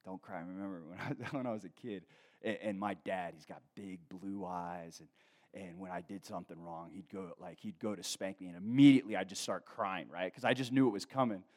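A man's voice: low-pitched, fairly quick. A man preaching a conversational sermon, reading scripture and then talking to the congregation casually, acting out voices from everyday life. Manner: conversational preaching with asides and laughs; animated, acts out quoted voices. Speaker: pastor.

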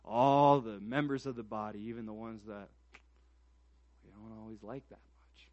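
A man preaching a sermon to a congregation, swinging from quiet reflective lines to loud emphatic peaks, with casual asides and fillers. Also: on the low side, normal speed, long pauses, dry recording, muffled recording. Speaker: pastor.

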